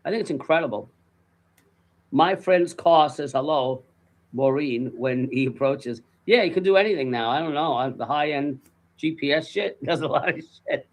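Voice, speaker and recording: Man, somewhat high voice, quick profane storyteller in casual chat. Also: low-quality recording. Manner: fast, animated.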